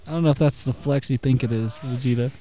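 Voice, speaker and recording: A young man giving excitable, casual gameplay commentary, trash-talking the computer opponents and laughing often. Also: medium pitch, fast, soft background music. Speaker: gaming channel host.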